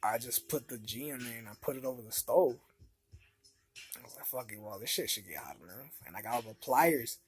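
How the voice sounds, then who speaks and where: A man's voice: mid-range voice, brisk. A man telling a personal story in a casual, profane, slang-heavy way. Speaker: vlogger.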